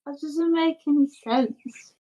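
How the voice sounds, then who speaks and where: A woman's voice: high voice, slow, warm tone, dull audio, voice pushed up. A woman voicing the youngest child, prim and scolding, in a tabletop game.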